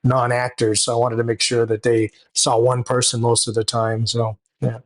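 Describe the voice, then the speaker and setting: A man's voice: mid-range voice, normal speed. A man, a camera operator and director, talking casually in a podcast interview and telling stories from the set. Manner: relaxed storytelling, acts out quoted dialogue.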